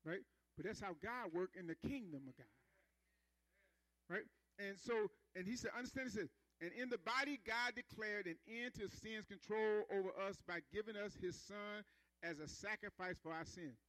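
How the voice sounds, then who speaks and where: A man's voice: high-pitched, moderate pace, a bit bright, no echo, poor audio. A man preaching a sermon in a conversational style, calling for responses from the congregation and building rhythmic emphasis.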